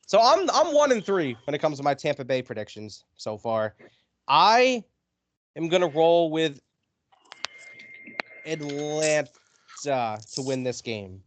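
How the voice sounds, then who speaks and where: A man's voice: a little high, takes it slowly, pauses often, slight background noise. A man co-hosting a casual sports podcast, leading the game picks and swearing casually. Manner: animated, swears casually, runs through games. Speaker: podcast co-host running the picks.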